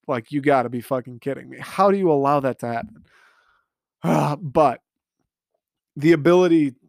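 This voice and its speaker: A man hosting a solo sports podcast, talking in an animated, emphatic way and swearing freely. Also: a little high, smooth, no room sound, clean studio sound. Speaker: podcast host.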